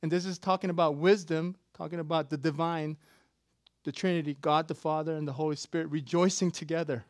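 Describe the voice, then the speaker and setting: A preacher giving an animated, playful sermon with sudden shouts and laughter, recorded close and dry. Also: mid-range voice, a little fast, dry recording.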